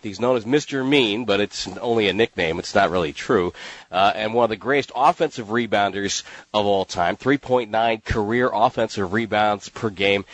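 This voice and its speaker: A man's voice: fairly low pitch, no room sound. A man hosting a podcast and interviewing a guest in a polished broadcaster's delivery.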